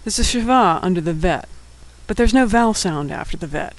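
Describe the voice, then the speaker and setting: A man's voice: high voice, expressive, fairly quick, low-quality recording. A man teaching a Hebrew alphabet lesson, patiently sounding out words syllable by syllable.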